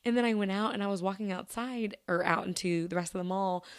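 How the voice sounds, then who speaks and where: A woman's voice: medium pitch, fast talker, clear, resonant tone, no echo, studio quality. A woman hosting a solo podcast, chatting casually and rambling through everyday stories with lots of restarts. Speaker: podcast host.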